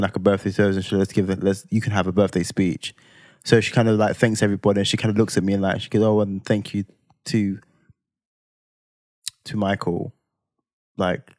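A man, telling a personal story on a podcast in an animated, dramatic way with slang tags. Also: lowish voice, dry recording, studio quality. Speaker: podcast co-host. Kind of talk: casual storytelling chat.

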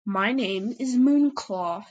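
A woman voicing a menacing female cat from a dark place, cold and threatening. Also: medium pitch, slow, lo-fi sound.

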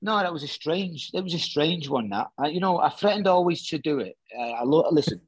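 Husky-voiced middle-aged man telling stories. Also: fairly high pitch, brisk, no room sound. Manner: animated anecdote-teller who acts out quoted dialogue. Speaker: guest, former footballer. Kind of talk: casual storytelling chat.

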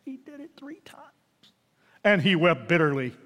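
A man preaching a sermon, animated and swinging from loud declarations to hushed, intimate pleas. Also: high-pitched, moderate pace, long reverb tail. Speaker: pastor.

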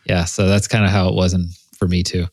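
A man from the American Midwest with a lowish voice co-hosts a podcast in easygoing, joking chat. He often trails off while searching for a word. The sound is close and dry, with no room around it. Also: little pitch movement, fast, a little mellow, no room sound. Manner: joking, laid-back, trails off mid-thought. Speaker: podcast co-host. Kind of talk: casual chat.

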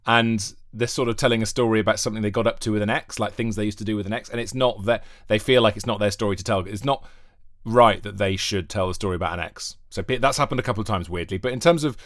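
Fast-talking man, chatty. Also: on the low side, dry recording, clean studio sound. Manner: enthusiastic, rambling anecdotes. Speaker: podcast host as guest. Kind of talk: chatty interview.

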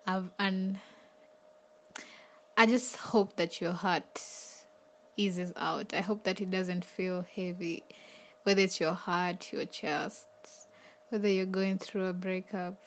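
A woman with a Kenyan accent, a podcast co-host who talks in a gentle, comforting way and giggles often. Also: lowish voice, steady tone, slow pace. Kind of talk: casual podcast chat.

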